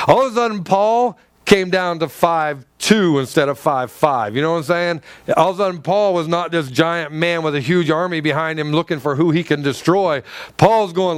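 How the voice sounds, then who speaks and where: High-voiced animated male preacher. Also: moderate pace, clear, resonant tone, dry recording. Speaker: pastor. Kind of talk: sermon.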